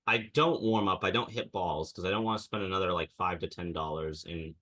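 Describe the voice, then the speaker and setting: A man's voice: low voice, brisk, bright, forceful tone. A young man and podcast co-host telling a ranting story in casual chat, mimicking the people he quotes.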